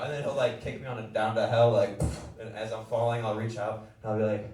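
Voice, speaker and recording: A man's voice: lowish voice, fairly even intonation, fast talker, darkish tone. A young man doing a stand-up comedy set, rambling and self-deprecating, with loose asides to the crowd. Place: comedy club stage. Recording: echoey room, distant mic, audible room noise. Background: audience laughter.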